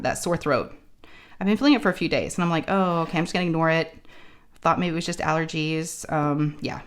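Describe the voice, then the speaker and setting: Chatty woman with a sore throat. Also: on the low side. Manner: chatty, acts out quoted dialogue. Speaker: crafting channel host. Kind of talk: casual chat storytelling.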